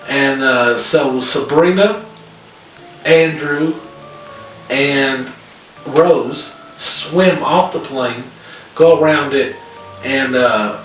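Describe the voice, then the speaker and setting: A man casually recapping a horror film's plot, profane and animated, with lots of fillers. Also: mid-range voice, drawn-out words, pauses often. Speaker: podcast co-host reviewing a horror film. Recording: very echoey room, far from mic, music behind.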